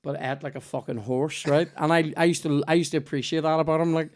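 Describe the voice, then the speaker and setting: Man, young, belfast accent, podcast host, casual sweary storytelling, smooth clear voice. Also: on the high side, fairly even intonation, fast talker. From Northern Ireland. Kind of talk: casual chat.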